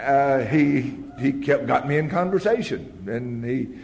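A man speaking at a middle pitch tells his story in a plain, folksy way. He stops and starts often, with lots of "uh"s and repeated words. A long reverb trails after his voice, as if he is in a big hall. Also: animated, a little slow, creaky, darkish tone. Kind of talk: personal storytelling to an audience.

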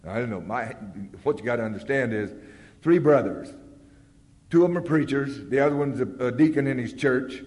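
An older man telling his recovery story with rambling humor, often acting out loud quotes. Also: medium pitch, expressive, fairly quick. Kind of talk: storytelling talk at a recovery meeting. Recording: long hall reverb.

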